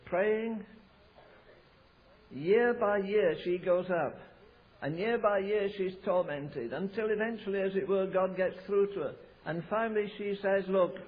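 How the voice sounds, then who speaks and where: A man from America preaching a sermon, telling stories with emphasis and frequent restarts. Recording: tinny, phone-like low-fidelity recording.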